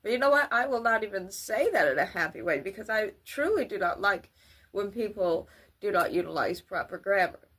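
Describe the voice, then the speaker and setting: A woman giving a grammar lesson for children, with careful, formal wording and deliberate delivery. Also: mid-range voice, animated, a bit bright, husky. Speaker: teacher.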